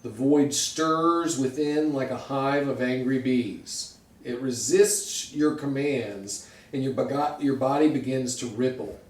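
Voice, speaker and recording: A man running a tabletop role-playing game as game master, narrating scenes dramatically and slowing down for effect. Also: medium pitch, far from the mic. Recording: roomy sound from off-mic, faint hiss.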